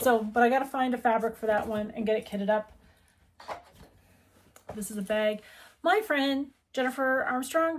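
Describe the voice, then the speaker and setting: A middle-aged woman from the United States talks in a loose, rambling way, breaking off her own sentences as she goes. Her voice sits a little high. She speaks in an easy, casual tone. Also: fairly bright tone, slight background noise. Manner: chatty, rambling, self-interrupting. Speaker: needlework shop owner. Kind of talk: casual chat.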